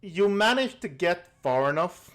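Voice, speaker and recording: A man narrating a tabletop game as game master, pausing with many fillers. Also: sits high, big pitch swings, fairly bright tone. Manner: hesitant, filler-heavy narration.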